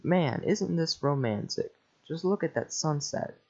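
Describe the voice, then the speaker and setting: A man voicing a gruff, awkward male ogre, hesitant and stumbling over his words in a casual reading. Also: on the high side, lively intonation, measured pace, voice pushed up. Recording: lo-fi home mic.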